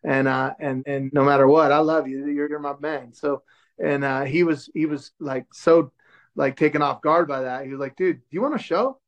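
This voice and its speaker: A man's voice: mid-range voice, moderate pace. A man in his forties telling a story in a casual chat, acting out the voices of the people he quotes. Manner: animated, acts out quoted dialogue. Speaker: show host telling a story as podcast guest. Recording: dull lo-fi sound.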